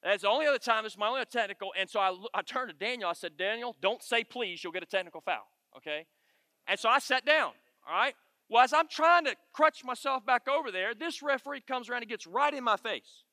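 A middle-aged man preaching to a men's group, his voice high and bright with a forceful edge. He tells stories with animated emphasis, driving points home by repeating them, and the sound is close and dry with no room around it. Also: fast, no echo. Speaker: men's Bible study leader. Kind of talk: storytelling sermon to a men's group.

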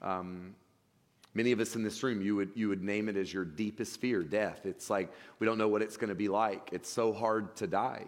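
A man's voice: fairly low pitch, steady tone, moderate pace. Conversational male pastor in a reverberant hall. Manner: conversational preaching with frequent restarts and fillers. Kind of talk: sermon. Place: church sanctuary.

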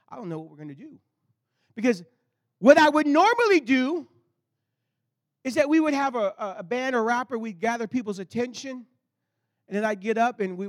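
A man delivers a sermon in a high, bright-sounding tenor. He tells his story in animated swings, jumping to loud outbursts and then dropping to low, intense passages. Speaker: pastor.

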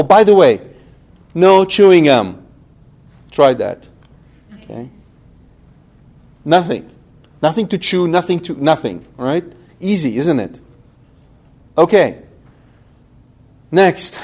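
A priest teaching a Bible study in a conversational way, speaking directly to his listeners and asking them questions. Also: medium pitch. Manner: lively, talks directly to the audience with questions.

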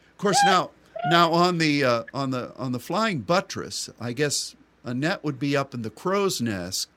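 A man's voice: mid-range voice, fairly bright tone. Man, radio co-host, casual chat, rambling, joking. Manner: rambling, joking, many restarts.

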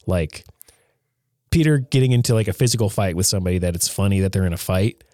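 Young male co-host, casual and rambling, low voice, close and dry. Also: quick pace, warm tone, no echo. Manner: rambling, retells scenes with acted-out voices. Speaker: podcast co-host. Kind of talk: casual chat.

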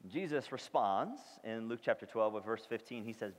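A man's voice: mid-range voice, lively intonation, normal speed, hardly any pauses. A man preaching a sermon to his congregation in a church, speaking emphatically and often checking in with them. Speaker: pastor. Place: church sanctuary. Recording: long reverb of a large hall.

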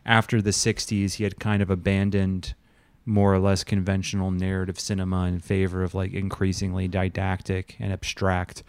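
Man, low-ish smooth voice, dry close sound, crude rambling podcast chatter. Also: monotone, moderate pace, hardly any pauses, a little mellow, no room sound. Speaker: podcast co-host. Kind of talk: casual comedic chat.

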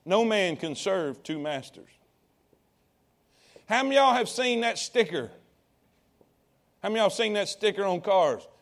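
Male preacher, high tenor voice, calls out to the congregation, drops low then rises loud. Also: animated, normal speed, long pauses. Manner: call-and-response preaching to congregation. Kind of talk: sermon.

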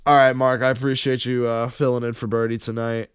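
A man's voice: medium pitch, flat delivery, a little fast, clean tone, no echo, studio quality. A man hosting a podcast in crude, joking banter, laughing often. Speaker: podcast host.

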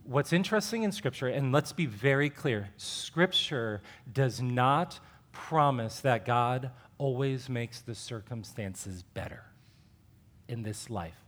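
Animated man preaching a sermon. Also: medium pitch, takes it slowly. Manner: animated, acts out dialogue with rising emphasis. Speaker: pastor.

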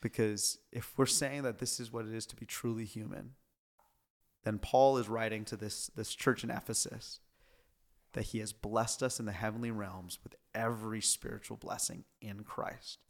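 A man's voice: fairly low pitch, steady tone, normal speed. A man, a pastor hosting a church podcast, speaking in an earnest, preacherly way. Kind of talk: reflective podcast conversation.

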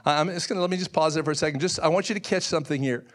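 A man delivers a sermon as pastor, his voice sitting a little higher than most men's. He walks through scripture in an easygoing, conversational way, leaning on filler words. He drops in dry, humorous asides as he goes. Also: rapid-fire.

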